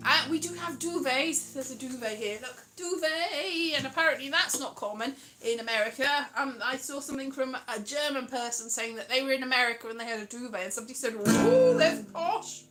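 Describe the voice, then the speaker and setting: A woman's voice: high voice, brisk, few pauses, over loud music. A British woman hosting a casual live stream, chatting playfully and drifting into sing-song. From United Kingdom.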